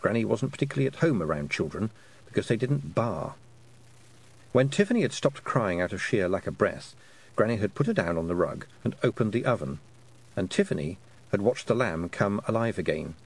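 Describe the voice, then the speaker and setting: A man narrating an audiobook in an expressive storytelling manner. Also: fairly low pitch, fairly quick, creaky, breathy edge. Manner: expressive storytelling, voicing the characters. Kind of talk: scripted narration.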